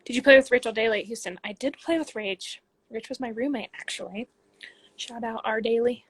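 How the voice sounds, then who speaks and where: On a casual phone livestream, a Canadian pro soccer player in her twenties reads fan questions aloud and answers them chattily. Her voice is fairly high with a breathy edge, and she talks briskly.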